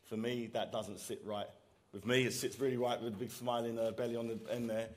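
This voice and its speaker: A boxer at a press conference, answering questions earnestly and repeating words for emphasis. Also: male voice, medium pitch, little pitch movement, a little fast.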